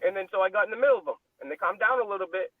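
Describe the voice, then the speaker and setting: A man's voice: high voice, expressive, very fast, no echo. A man telling a long story on a live panel, profane and full of slang as he rambles on. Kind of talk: casual storytelling. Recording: tinny dry phone-like call audio.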